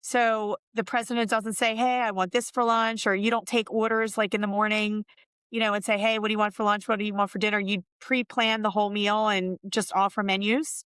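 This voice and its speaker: A woman's voice: mid-range voice, level tone, fairly quick, fairly bright tone, smooth, no echo. A woman hosting a podcast, chatting casually and asking her guest questions. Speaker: podcast host. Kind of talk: casual interview.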